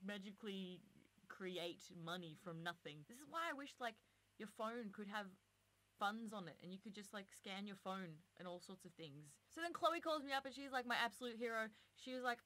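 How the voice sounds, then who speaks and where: A woman's voice: mid-range voice, brisk. Young woman vlogger, chatty storyteller, casual and rambling. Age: 20s. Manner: chatty and animated, lots of "like" fillers.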